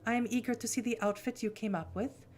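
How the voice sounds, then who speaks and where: A woman voicing a poised female vampire elder who speaks graciously and gently chides. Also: a little high, steady tone, quick pace, faint music behind, voice pushed up, lightly acted.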